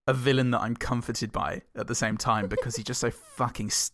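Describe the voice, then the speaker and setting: A man's voice: medium pitch, fairly even intonation, brisk, creaky, a bit bright, slight background noise. A man co-hosting a podcast, reviewing a film in casual, joking chat with plenty of swearing. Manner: sweary, joking, acts out lines from films. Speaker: podcast co-host.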